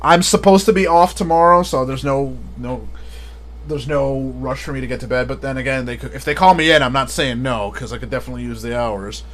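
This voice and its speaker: A man's voice: mid-range voice, a little fast, a bit bright. A man chatting casually on a live stream, rambling and often laughing at his own jokes.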